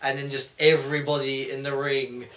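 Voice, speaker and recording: A young man co-hosting a casual chat, excitable and jokey, swearing freely. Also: mid-range voice, normal speed. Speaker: co-host. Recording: echoey room, far from the mic.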